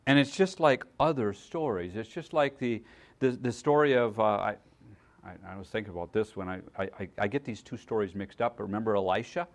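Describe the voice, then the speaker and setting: A male pastor giving a sermon, talking conversationally and checking in with his listeners, swinging between loud emphasis and hushed asides and often repeating words as he goes. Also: on the low side, brisk.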